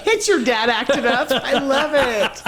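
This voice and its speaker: A bubbly woman co-hosting a podcast, her pitch swinging high and low as she talks. She is frank, laughs often, and acts out quotes, with a faint hiss of noise under her voice. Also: animated, measured pace, a bit bright. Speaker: podcast co-host. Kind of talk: casual chat.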